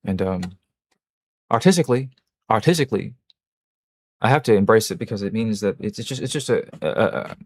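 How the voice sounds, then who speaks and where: A man's voice: lowish voice, lively intonation, brisk, long pauses, darkish tone. A man hosting a livestream, chatting casually and answering his chat in a rambling, joking, self-mocking way with many restarts. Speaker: livestream host.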